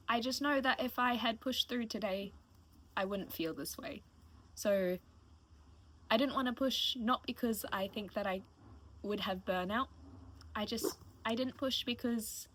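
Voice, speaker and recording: A woman in her late twenties talking casually and emotionally to her stream viewers, rambling and thankful. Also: mid-range voice. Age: late 20s. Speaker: live streamer. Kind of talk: casual heartfelt stream chat.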